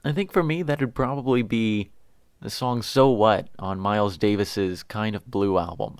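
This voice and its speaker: A man co-hosting a podcast, speaking in a measured, explanatory way in casual chat. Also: on the low side, smooth, dry recording, studio quality. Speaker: podcast co-host.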